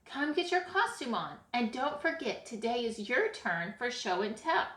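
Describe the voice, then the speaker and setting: A woman reading a storybook aloud, voicing a cheerful mother who calls out loudly to her son. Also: a little high, very animated, normal speed. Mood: calling. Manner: loud calling. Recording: echoey room.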